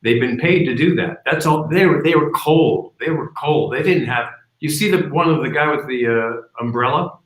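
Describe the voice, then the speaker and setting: A man hosting a casual talk show discussion, telling stories in an animated way. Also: mid-range voice, moderate pace, few pauses, echoey room, poor audio. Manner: animated storytelling. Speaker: show host.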